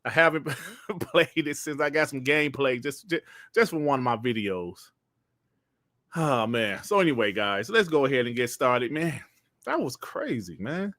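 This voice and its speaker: A man's voice: medium pitch, expressive, normal speed, fairly bright tone, dry recording, studio quality. A middle-aged man hosting a casual livestream, talking in a laid-back, slangy and profane way. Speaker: host.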